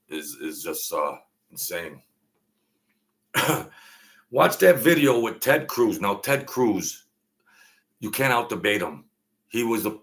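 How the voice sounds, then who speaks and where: A gravelly, low-voiced man in his sixties from Brooklyn hosts a casual late-night livestream. He rambles and restarts, airs strong opinions and reads out viewer names as he goes. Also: fairly bright tone. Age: 60s. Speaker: livestream host.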